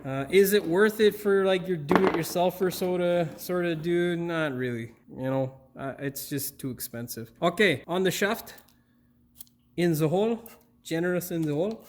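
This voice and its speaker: A man's voice: sits high, normal speed, a little hiss or hum. A male mechanic giving a casual car repair tutorial, chatty and joking with a crude edge.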